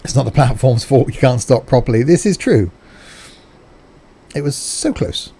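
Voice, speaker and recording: A man's voice: mid-range voice, expressive, normal speed, warm tone, husky. A man streaming a train simulator game live, chatting casually and teasing his viewers in a jokey way. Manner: jokey, teasing banter with chat.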